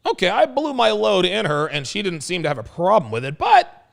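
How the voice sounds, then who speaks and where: A man hosting a livestream, telling a crude story to his chat with animated swings between low mutters and excited bursts. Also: fairly quick, creaky. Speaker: host.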